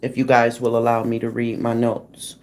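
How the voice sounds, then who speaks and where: A woman's voice: extremely low pitch, monotone, normal speed, a little mellow, slight background noise. A woman hosting a true crime livestream in a casual, blunt, slangy way, calling out critics and greeting viewers in the chat by name.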